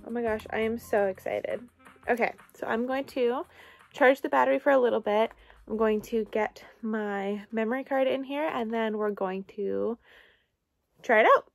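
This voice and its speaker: A young woman unboxing a new camera in a casual vlog, gushing with excited exclamations. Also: on the high side, normal speed, creaky, faint music behind. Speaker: vlogger.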